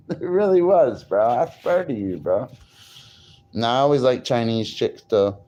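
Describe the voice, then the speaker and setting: A man's voice: medium pitch, animated, measured pace, dark tone, lo-fi sound. A man vlogging in a casual, rambling monologue, boastful and crude, often breaking into laughter.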